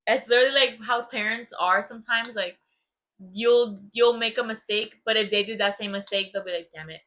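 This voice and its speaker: A young woman co-hosting a podcast, chatting casually and telling family stories with quick asides. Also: a little high, steady tone, fairly bright tone. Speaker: podcast co-host. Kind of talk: casual chat.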